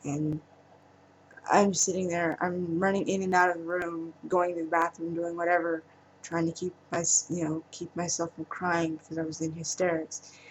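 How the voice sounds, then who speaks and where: A woman speaking in a personal vlog monologue, halting and emotional, trailing off with pauses. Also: lowish voice, flat delivery, a little hiss or hum, rough recording. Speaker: vlogger.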